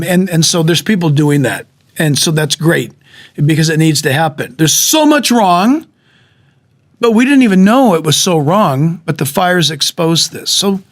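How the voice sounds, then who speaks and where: A middle-aged male pastor, exhorting his listeners in an emphatic, animated sermon style, often restarting his words. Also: sits high.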